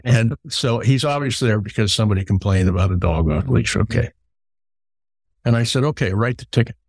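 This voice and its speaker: A man's voice: fairly low pitch, brisk, gravelly, a little mellow, husky, dry recording, studio quality. A middle-aged man hosting an interview who tells long stories and repeats words as he starts his sentences. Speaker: podcast host. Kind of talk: conversational storytelling.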